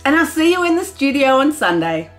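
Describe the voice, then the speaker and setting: A middle-aged woman artist giving an excitable, loud and enthusiastic pep talk to her viewers, laughing often. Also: sits high, fairly quick, faint music behind. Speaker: artist vlogger. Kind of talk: motivational pep talk to camera.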